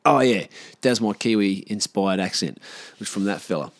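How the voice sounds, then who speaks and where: A man's voice: on the low side, moderate pace, dry recording, clean studio sound. A man talking loosely to camera in a casual vlog, rambling with slang and restarts. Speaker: vlogger.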